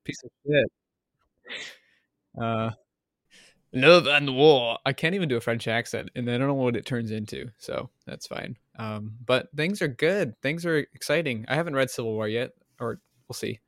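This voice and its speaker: A Canadian man co-hosting a comics podcast, chatting in a rambling, self-deprecating way with plenty of fillers. His pitch is mid-range, and he sounds dry and close to the mic. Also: brisk, hardly any pauses, fairly bright tone, dry recording. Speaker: podcast co-host. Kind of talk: casual comedic podcast chat.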